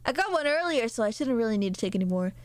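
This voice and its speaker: A woman's voice: on the high side, sing-song, rapid-fire, no echo. A woman voicing a teenage girl heroine with a mock valley girl drawl, reading her lines aloud while gaming. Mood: sassy.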